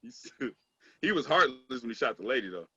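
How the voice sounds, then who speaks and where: A man's voice: medium pitch, brisk, breathy edge, no room sound, dull audio. A man co-hosting a casual podcast, mocking scenes from a TV episode and acting out the characters' lines. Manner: animated, mocking, quotes characters with laughter. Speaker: podcast co-host. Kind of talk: casual group chat reviewing a TV episode.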